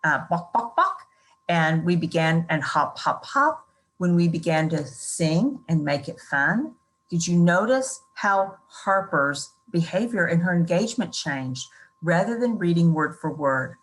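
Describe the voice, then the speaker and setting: A woman's voice: lowish voice, expressive, a little slow, fairly bright tone, rough recording. A middle-aged woman presenting a recorded parent workshop, explaining teaching strategies with a few fillers. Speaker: workshop presenter, speech therapist. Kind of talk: recorded online workshop talk.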